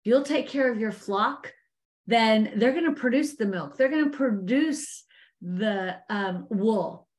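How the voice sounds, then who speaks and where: Middle-aged woman, business coach, faith-based leadership talk, earnest and lively, slightly high voice. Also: measured pace. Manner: earnest, animated, addresses listeners as ladies. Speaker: business coach teaching women.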